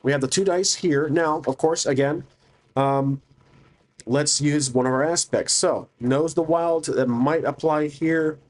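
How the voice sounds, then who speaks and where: A man's voice: a little high, unhurried. A man narrating a solo tabletop game, thinking aloud hesitantly with many restarts.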